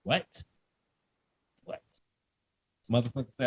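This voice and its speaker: A man's voice: mid-range voice, measured pace, mellow, no echo. Man, podcast co-host, casual and profane, reading news, slightly dull lo-fi sound. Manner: loose, profane, joking, laughs often.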